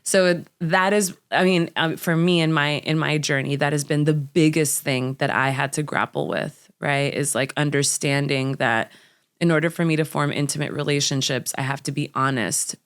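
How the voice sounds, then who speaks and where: A woman's voice: sits low, normal speed, clean tone. A young adult woman from the United States, a podcast guest speaking candidly and reflectively about personal experience. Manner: reflective, openly personal storyteller.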